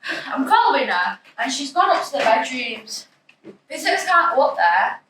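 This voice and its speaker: A young woman tells her story in the first person, anxious and breathless. Her voice is high and bright. The recording is very echoey and distant, with a faint hiss behind it. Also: sing-song, moderate pace. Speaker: narrator. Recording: echoey room, distant mic, faint noise.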